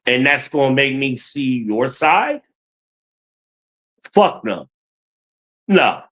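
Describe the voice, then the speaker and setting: Unhurried man, blunt and profane livestream advice rant. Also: medium pitch, big pitch swings, fairly bright tone, poor audio. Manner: blunt, heated, profane, talks to chat. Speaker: streamer giving relationship advice.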